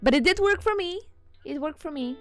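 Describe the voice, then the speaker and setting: A woman's voice: high-pitched, animated, fairly quick. A woman streamer with a non-native English accent, chatting casually with her viewers, giggling often as she reads chat. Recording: faint music behind.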